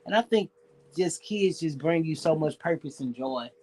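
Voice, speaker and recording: A man's voice: fairly high pitch, expressive, moderate pace, warm tone, low-quality recording. A man with a Southern US accent, talking in a rambling, profane, reflective casual monologue as a streamer.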